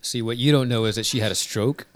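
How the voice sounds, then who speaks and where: A man's voice: medium pitch, quick pace, smooth. A man in casual conversation, asking short questions and cracking teasing jokes. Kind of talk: casual chat.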